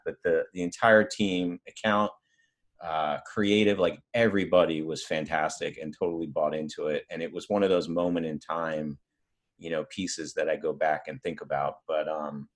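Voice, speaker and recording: Deep-voiced man telling relaxed stories. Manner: relaxed storytelling with fillers and chuckles. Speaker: guest, agency strategist. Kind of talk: casual podcast conversation. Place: home office.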